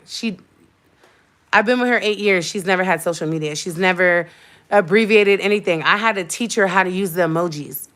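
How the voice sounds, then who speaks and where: A woman's voice: mid-range voice, fairly bright tone. A young woman talks straight to her viewers in a casual livestream chat. She recounts what happened with heated emphasis. She circles back and repeats her points to drive them home. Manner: heated, emphatic storytelling with repetition. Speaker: vlogger.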